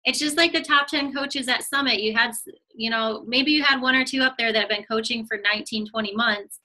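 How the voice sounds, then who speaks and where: A woman hosting a casual interview, encouraging and talking in long quick runs. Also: on the high side, steady tone, bright, forceful tone, low-quality recording. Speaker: host.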